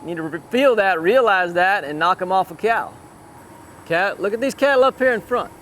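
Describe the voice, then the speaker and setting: A man's voice: high-pitched, animated, moderate pace, a bit bright, a little hiss or hum. A man working as a cutting horse trainer, coaching a rider live in an outdoor arena and calling out short, repeated commands.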